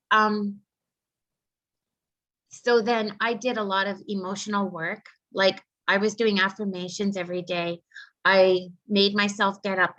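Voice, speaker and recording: A woman's voice: medium pitch, fairly bright tone. Earnest woman telling her story, muffled. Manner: earnest, heartfelt retelling with many fillers. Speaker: psychic medium guest. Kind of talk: personal story told in an interview. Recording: slightly muffled lo-fi recording.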